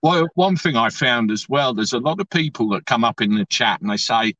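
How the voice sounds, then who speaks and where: An Englishman speaks with a bright, pushed edge, tripping over fillers as he chats. He sits well back from the mic on a dull, lo-fi line. The sound is dry, with no room echo. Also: medium pitch, lively intonation, a little fast, far from the mic. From England. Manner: bright and eager, stumbling with fillers. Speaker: podcast guest, cab driver. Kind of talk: casual interview chat.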